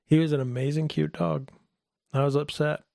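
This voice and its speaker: Man telling a lively personal story. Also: normal speed, creaky, no room sound, studio quality. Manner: animated, acts out quoted voices in a higher pitch. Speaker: guest telling his testimony. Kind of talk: casual storytelling.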